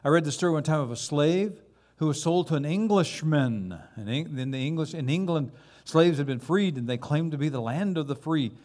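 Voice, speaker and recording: A man's voice: a little high, brisk, a little mellow. A man preaching a sermon as pastor, building dramatically to emphatic repeated words.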